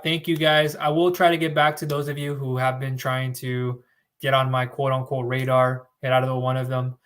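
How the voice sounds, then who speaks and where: A man's voice: medium pitch, flat delivery, normal speed, a bit bright. A man hosting a casual live stream, talking in a rambling, emphatic way and reading viewer comments aloud. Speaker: host. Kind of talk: casual livestream talk to viewers.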